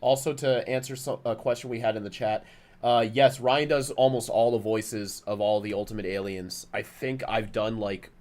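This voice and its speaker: Low-voiced man chatting on a stream. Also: moderate pace. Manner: relaxed, answers chat questions with many fillers. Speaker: co-host of a live stream. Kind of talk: casual chat.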